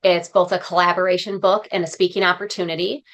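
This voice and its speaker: A woman's voice: lowish voice, level tone, fast, a bit bright, highs cut off. Earnest woman guest, heartfelt and encouraging. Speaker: podcast guest, speaker and coach. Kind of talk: conversational interview.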